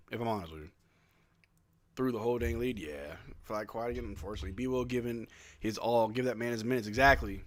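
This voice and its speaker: A man hosting a casual live watch-along, calling plays excitedly at home and tossing in joking asides with lots of "bro.". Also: on the high side. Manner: excitable play-by-play mixed with joking asides, says "bro" often. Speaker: live stream host.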